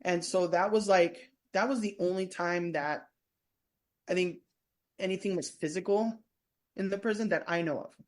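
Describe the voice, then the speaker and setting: A woman whose voice sits on the low side, a little mellow, speaks at a moderate pace. As a guest in a laid-back podcast interview, the ex-prison staff member and tour guide spins meandering, chatty stories, often restarting her sentences.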